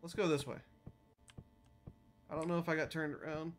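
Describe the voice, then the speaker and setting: A woman's voice: low-pitched, fairly even intonation, moderate pace, pauses often, slight background noise. A woman streaming a game, jumpy and nervous, talking to herself and her chat and swearing often. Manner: nervous, wavering loudness. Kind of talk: live gameplay commentary.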